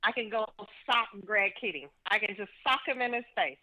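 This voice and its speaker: A woman's voice: medium pitch, expressive, fairly quick, sharp tone. Indignant woman calling in by phone. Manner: indignant, emphatic, laughs often. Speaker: caller. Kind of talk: casual phone interview. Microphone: telephone. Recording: phone line.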